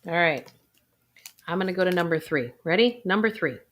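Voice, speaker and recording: A woman in her thirties, a financial planner, leading a slow guided exercise on feeling out money decisions. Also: fairly low pitch, animated, fairly bright tone.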